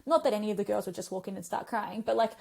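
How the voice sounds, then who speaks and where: A woman, a physiotherapist guest on a podcast, telling stories in a chatty, animated way with lots of fillers. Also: medium pitch, rapid-fire, creaky. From Australia. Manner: chatty storyteller, animated retellings, frequent um and like. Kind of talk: conversational podcast interview.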